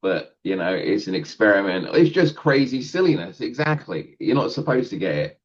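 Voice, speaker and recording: Deep-voiced man, rambling and laughing. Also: sing-song, moderate pace, dull audio. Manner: rambling, self-deprecating, laughs often. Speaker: guest comedian. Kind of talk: casual podcast interview.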